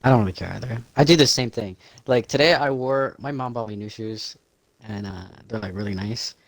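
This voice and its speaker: A man's voice: lowish voice, a little fast, no room sound. A man co-hosting a podcast in casual chat, rambling freely, swearing often and laughing a lot. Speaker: podcast co-host.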